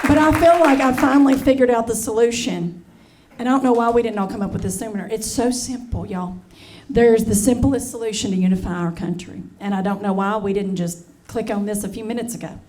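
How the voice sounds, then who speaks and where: On stage at a live comedy show, with laughter from the crowd, a chatty, brassy woman in her forties refers to the audience as honey and y'all. She has a fairly high, darkish voice and talks a little quickly.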